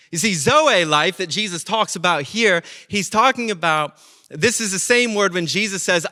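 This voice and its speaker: A man preaching a sermon as pastor, telling stories with lively acted-out voices. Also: sits high. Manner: animated storytelling, acting out quoted voices.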